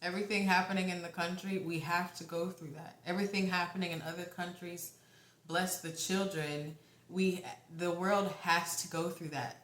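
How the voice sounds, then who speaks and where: A woman's voice: lowish voice, level tone, a bit bright. Rambling woman reading tarot, echoey room. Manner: rambling, halting, with casual swearing. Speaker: tarot reader. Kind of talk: casual tarot reading monologue.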